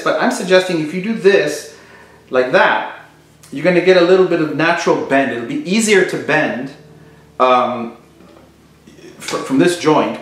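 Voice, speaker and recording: A man's voice: medium pitch, a bit bright. Man teaching guitar in a very echoey room. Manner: thoughtful, searching for words, many restarts. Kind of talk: instructional explanation.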